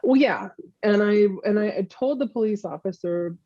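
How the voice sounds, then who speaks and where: Mellow, candid woman on muffled audio. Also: mid-range voice, dry recording. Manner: candid, halting, with frequent restarts. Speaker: guest, mother of the subject. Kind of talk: personal interview, recounting events. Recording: muffled lo-fi recording.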